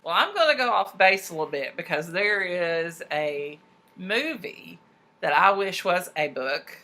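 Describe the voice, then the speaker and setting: A woman's voice: lowish voice, lively intonation, a little slow, pushed and bright. A woman co-hosting a knitting and books podcast, chatting casually and giving frequent short agreements. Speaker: podcast co-host. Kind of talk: casual book chat.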